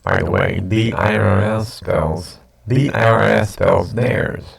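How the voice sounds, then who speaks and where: An older vlogger with stuffy, sniffly sinuses chats late at night into his computer's webcam mic. His lowish voice is slow, steady in tone, creaky, and slightly rough, and he wanders off topic, repeats himself, and pokes fun at himself.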